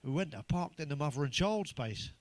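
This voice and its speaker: An English man doing a stand-up routine of crude, blunt one-liners, full of swearing, who pitches up when he quotes other people. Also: animated, a little fast, no room sound. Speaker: stand-up comedian.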